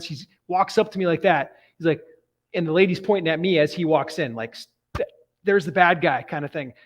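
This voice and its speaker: Man, slightly higher voice, animated storyteller, live online coaching. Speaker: real estate investing coach. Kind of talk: live online training talk.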